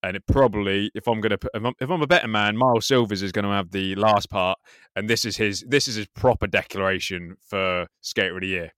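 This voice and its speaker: A man casually commenting on a skate video with a co-host, excitable and swearing freely. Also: fairly low pitch, quick pace, clean tone, no room sound, studio quality. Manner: excitable, swears freely, says "mate" often.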